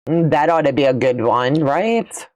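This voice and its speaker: Middle-aged woman, folksy livestream host, lowish voice, unhurried delivery. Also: lively intonation, darkish tone. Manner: chatty, folksy, reads out and answers viewer comments. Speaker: quilting channel host. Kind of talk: casual livestream chat.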